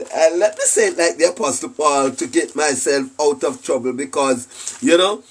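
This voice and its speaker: A man's voice: sits high, husky, far from the mic. A Jamaican man giving a rambling, preachy monologue full of rhetorical questions and mocking laughter. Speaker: self-styled spiritual commentator.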